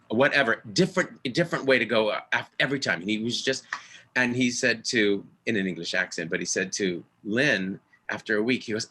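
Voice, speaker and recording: A man's voice: fairly low pitch, bright, forceful tone, husky. Earnest man telling a theater story. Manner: earnest, halting, with many restarts. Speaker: original cast member and director. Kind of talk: casual storytelling on a video call. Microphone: video call microphone.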